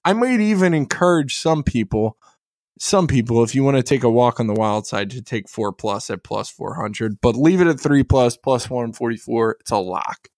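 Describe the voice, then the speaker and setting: A man co-hosting a sports betting show, boastfully pitching his picks as sure things. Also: moderate pace. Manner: boastful, animated. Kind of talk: casual sports betting talk.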